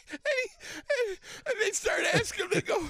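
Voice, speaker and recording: A man telling a story in animated chat, excitable, often laughing and repeating himself. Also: very high voice, unhurried, vocal fry, dry recording, studio quality.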